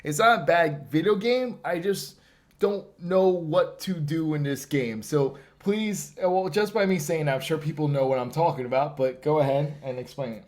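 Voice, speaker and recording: A man's voice: a little high, normal speed. A man hosting a casual nerd-culture podcast, rambling and joking about tech trouble. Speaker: podcast host. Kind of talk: casual chat.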